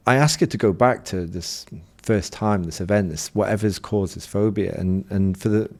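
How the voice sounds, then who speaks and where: A middle-aged man, a hypnosis coach and podcast guest, telling an animated anecdote in conversational style and acting out the quotes. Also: lowish voice, moderate pace. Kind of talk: conversational storytelling.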